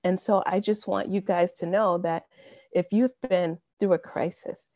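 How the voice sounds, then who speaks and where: A woman's voice: on the low side, steady tone, a little slow, mellow, no room sound. A woman in her fifties giving an earnest, conversational faith testimony over a video call, often saying "you know". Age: 50s. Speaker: speaker sharing a testimony.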